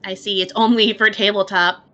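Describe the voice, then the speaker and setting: A woman's voice: mid-range voice, flat delivery, normal speed, a bit bright, lo-fi sound. A woman narrating a tabletop game as game master, describing scenes in a casual way. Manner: descriptive, laughs easily, casual.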